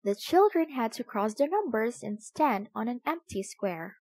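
High, lively woman reading a children's story. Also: no room sound. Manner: slow, expressive, sing-song. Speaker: storybook reader. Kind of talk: children's story read aloud.

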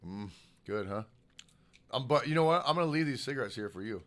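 A man's voice: medium pitch, expressive, fairly quick, fairly bright tone. A middle-aged man from Michigan co-hosting a podcast, telling stories in a rambling, profane way. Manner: profane, rambling storytelling with lots of "like". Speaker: podcast co-host. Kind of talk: casual chat.

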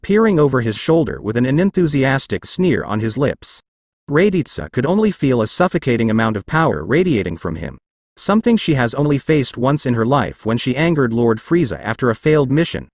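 A man narrating a fan fiction story with an expressive, dramatic reading. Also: medium pitch, fairly quick, no echo.

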